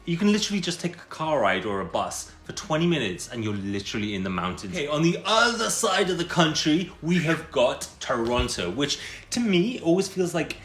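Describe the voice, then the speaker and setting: A man's voice: fairly high pitch, brisk, few pauses. A man co-hosting a travel vlog, joking playfully in a casual chat. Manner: playful, jokey, lively intonation. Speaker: travel vlogger co-host. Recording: echoey room.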